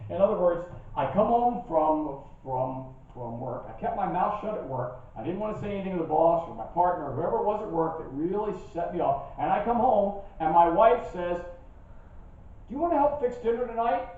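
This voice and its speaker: An older man preaching a sermon as a pastor, telling stories with lively asides to his listeners. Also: a little high, brisk, few pauses. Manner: animated storytelling with asides to the congregation. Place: church sanctuary. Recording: distant, dull church recording with heavy echo.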